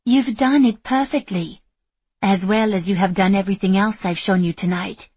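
A woman voicing a composed female sword mentor who speaks in a measured, instructive way. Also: medium pitch, a little mellow, breathy edge, no echo. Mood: encouraging.

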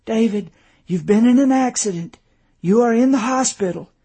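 A man's voice: very high-pitched, moderate pace, warm tone, husky, pitched above the performer's own voice, heavily acted. A man voicing a worried, loving wife who pleads and comforts in a raised, tender tone. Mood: pleading.

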